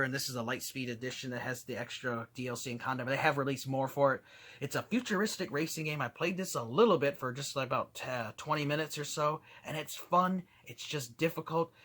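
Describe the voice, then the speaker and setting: A man's voice: medium pitch, pushed and bright. A man casually showing off his recent video game finds in an enthusiastic, rambling way with plenty of fillers. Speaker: video game collector vlogger. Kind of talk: casual show-and-tell vlog.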